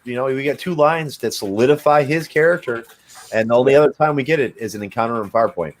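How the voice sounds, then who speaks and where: A man's voice: medium pitch, fast talker. Rambling man in casual chat. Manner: loose, rambling, swears casually.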